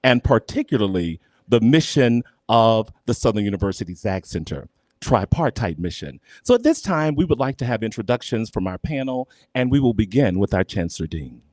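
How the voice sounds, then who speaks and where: A man's voice: fairly low pitch, big pitch swings, brisk, darkish tone, no echo. A man hosting a live fundraising broadcast, speaking with an emphatic, preacher-like cadence. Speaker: broadcast host.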